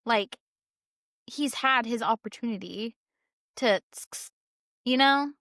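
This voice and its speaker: A woman's voice: fairly high pitch, takes it slowly, fairly bright tone, dry recording, studio quality. Woman co-host, reactive and chatty. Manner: reacts with questions, lots of "like" and "literally". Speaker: podcast co-host. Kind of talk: casual chat.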